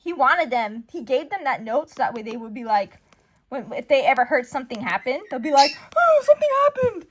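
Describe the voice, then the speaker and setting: A woman giving slangy, animated commentary while reading a comic aloud, on a noisy recording. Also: high voice, a little fast. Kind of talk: casual comic read-along commentary.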